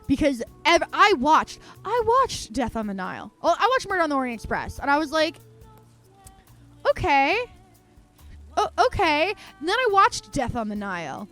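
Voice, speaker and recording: High-voiced woman on a profane rant. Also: big pitch swings, a little fast, hardly any pauses, sharp tone, soft background music. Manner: profane, heated ranting. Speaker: streamer. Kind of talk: live-stream movie rant.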